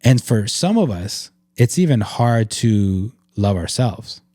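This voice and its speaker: A man's voice: on the low side, sing-song, slow pace, mellow, dry recording, studio quality. A man hosting a casual faith-based podcast chat, talking in an earnest, reflective way and leaning on lots of "like" fillers. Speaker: podcast host.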